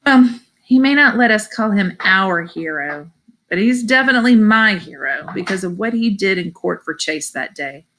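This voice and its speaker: A woman's voice: medium pitch, lively intonation, moderate pace, a bit bright, slight background noise. A woman reading a middle-grade novel aloud, adding chatty asides that explain phrases to her listeners. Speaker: audiobook reader.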